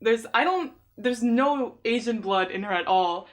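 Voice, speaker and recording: A woman's voice: on the high side, measured pace. A young woman from San Diego, chatting casually on a live stream, telling stories with lots of laughter and acted-out dialogue. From San Diego, USA. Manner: chatty storytelling, laughs often, lively quoted dialogue. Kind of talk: casual chat.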